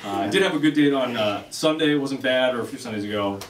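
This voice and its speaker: A man's voice: medium pitch, fast talker, a crowd in the background. A man doing a stand-up comedy set on a club stage, rambling and self-deprecating, acting out bits of dialogue. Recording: echoey room, recorded from a distance, loud background noise.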